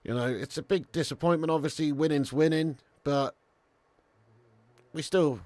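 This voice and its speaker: A man's voice: fairly high pitch, normal speed, dry recording. A young man chatting through a live football watch-along, swearing, bantering and reading viewer comments aloud. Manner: animated, sweary banter, reads chat aloud.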